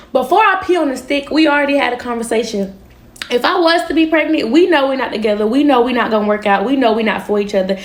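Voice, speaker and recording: A woman with a somewhat high voice tells a personal story to her viewers. She speaks casually and candidly, full of slang, and keeps the telling animated. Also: fast talker, echoey room. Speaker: storytime vlogger.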